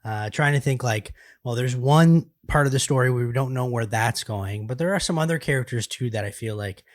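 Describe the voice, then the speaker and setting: A young man co-hosting a gaming podcast, easygoing and quick to laugh, thinking out loud as he talks. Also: mid-range voice, no room sound, studio quality. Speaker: podcast co-host. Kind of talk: casual gaming podcast chat.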